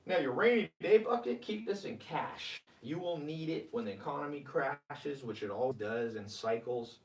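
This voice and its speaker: A man's voice: on the high side, animated, moderate pace, a little mellow, roomy sound, recorded from a distance. A man hosting a live-streamed money advice talk. He talks with energy and reads viewer comments aloud. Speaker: host.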